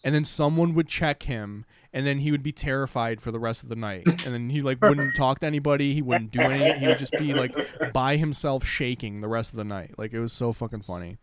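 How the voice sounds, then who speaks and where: A man's voice: medium pitch, fairly quick, hardly any pauses, a crowd in the background. A young man telling rambling, profane stories on a casual podcast, full of fillers. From Detroit area, Michigan. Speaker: podcast co-host.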